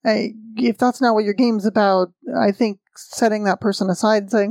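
A woman's voice: mid-range voice, steady tone, normal speed, hardly any pauses, darkish tone, no room sound. A woman talking in a casual podcast discussion, chatty and self-deprecating.

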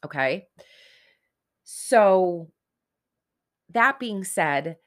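A woman in her forties talks earnestly about self-love in a casual, motivational way. She speaks directly to her listeners, and her voice sits a little on the lower side. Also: animated, extremely slow. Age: 40s. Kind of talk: motivational self-help talk.

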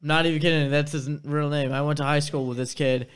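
Brief: man on the podcast crew, smooth, clear voice, rambling, hesitant storytelling. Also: fairly high pitch, level tone, fast talker. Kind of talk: casual podcast banter. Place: studio.

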